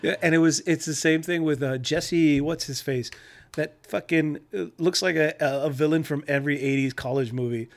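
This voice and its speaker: A man's voice: a little high, fairly even intonation, normal speed. A man co-hosting a podcast, chatting casually and profanely and mocking politicians in put-on voices. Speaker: podcast co-host. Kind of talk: casual chat.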